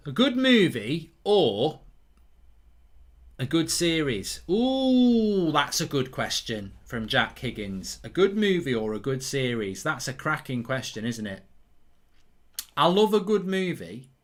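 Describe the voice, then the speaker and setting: A man's voice: mid-range voice, a little slow. Chatty, swearing male streamer. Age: older than 23. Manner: chatty, lively, swears freely. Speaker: live watchalong streamer answering viewer questions. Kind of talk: casual chat.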